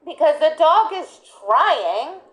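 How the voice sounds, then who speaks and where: A middle-aged woman who trains dogs explains her approach in a relaxed, teacherly chat, with a voice that sits somewhat high. She keeps the listener engaged with "right?" and "guess what?". When she acts out praising a dog, her pitch shoots up with bright enthusiasm. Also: slow pace, highs cut off. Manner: lively, jumps high for praise. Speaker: dog sports trainer and instructor. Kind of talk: casual teaching talk.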